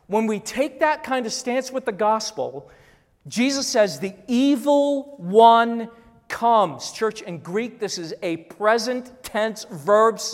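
A pastor in their fifties preaching a sermon emphatically, repeating phrases and dropping to a hush on key words. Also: mid-range voice. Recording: long hall reverb.

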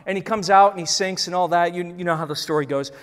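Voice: medium pitch, quick pace, long reverb tail. A pastor delivering a sermon to a congregation, repeating key lines and acting out the voices in the stories he tells.

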